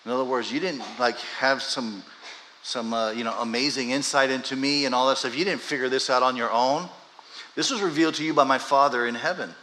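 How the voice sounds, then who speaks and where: Bright-voiced male preacher in a reverberant hall. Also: medium pitch, a little hiss or hum. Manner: animated, swings from quiet storytelling to loud emphatic peaks. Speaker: pastor. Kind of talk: conversational sermon.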